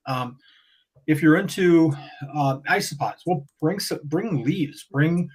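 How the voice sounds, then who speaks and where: A man talking as a guest on a podcast, animated and rambling, often restarting his sentences. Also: a little high, slow, breathy edge, rough recording. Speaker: guest breeder. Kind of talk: casual podcast conversation.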